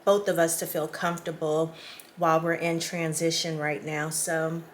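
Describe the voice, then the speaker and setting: A woman speaks to her viewers from a small indoor room, her voice sitting on the low side and her speech loose and chatty. She sounds emotional, as if close to tears. A faint hum of background noise stays under her voice. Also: level tone, moderate pace. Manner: chatty, addresses viewers directly. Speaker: vlogger. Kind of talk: casual talk to camera.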